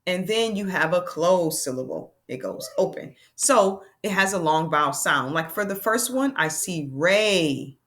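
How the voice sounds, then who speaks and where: A woman teaching a phonics lesson to children, sounding out words slowly and patiently. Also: fairly low pitch, expressive, a bit bright.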